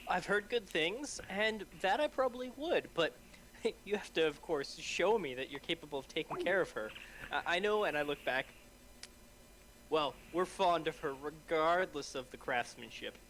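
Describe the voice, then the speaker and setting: Bright, high-voiced smooth-talking player. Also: male voice, animated, moderate pace, slight background noise, poor audio. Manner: smooth-talking, playful, hesitant fillers. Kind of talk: in-character tabletop role-play.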